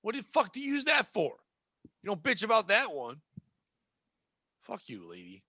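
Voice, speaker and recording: A man's voice: high voice, sing-song, brisk, pushed and bright, no room sound. A man hosting a podcast, joking and swearing while acting out customer exchanges. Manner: joking, profane, acts out customers. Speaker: podcast host. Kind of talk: casual podcast chat.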